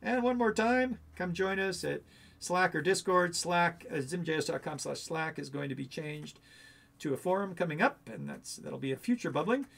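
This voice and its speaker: Gravelly man, chatty coding tutor. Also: sits high, moderate pace, fairly bright tone. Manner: rambling, thinking aloud, chatty and upbeat. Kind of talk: casual screen-share coding walkthrough.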